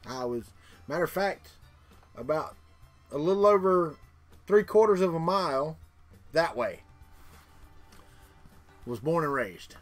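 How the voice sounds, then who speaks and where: A man's voice: fairly high pitch, expressive, a little slow, pauses often, soft background music. A middle-aged man from Florida with a Southern accent, chatting casually with live viewers in a rambling way, repeating words and chuckling. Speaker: livestream host.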